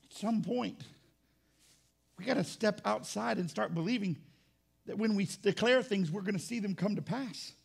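A man preaching a sermon as pastor, emphatic and rising to shouts. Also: high-pitched, vocal fry.

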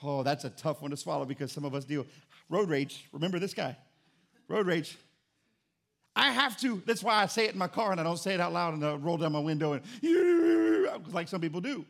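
A middle-aged man preaching a sermon as pastor, conversational and joking, with an animated delivery. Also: on the high side, very fast, gravelly, hardly any pauses.

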